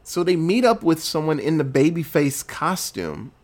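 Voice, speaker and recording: A man recaps a film plot in a loose, casual way, cursing often and keeping the story moving. His voice sits a little higher than most men's. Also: normal speed. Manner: profane, animated storytelling. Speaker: movie recapper.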